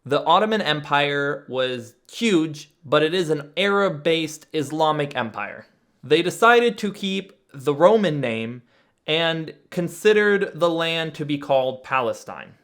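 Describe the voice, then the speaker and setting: Man, slow unhurried delivery, slightly high voice, sarcastic casual explainer. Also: expressive, fairly bright tone, smooth. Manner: joking, sarcastic asides. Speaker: history explainer host.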